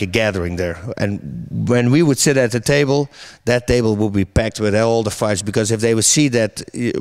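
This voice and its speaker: Animated middle-aged man telling stories. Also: lowish voice. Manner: animated storyteller, laughs often, many restarts. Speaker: interview guest, MMA commentator. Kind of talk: casual interview chat.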